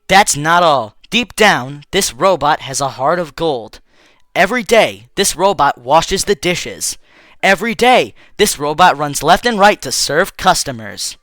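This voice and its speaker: A man voicing a polite, formal robot helper in a calm, measured way, dubbing a game. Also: a little high, no room sound, studio quality, full character voice. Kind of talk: let's play voice dubbing.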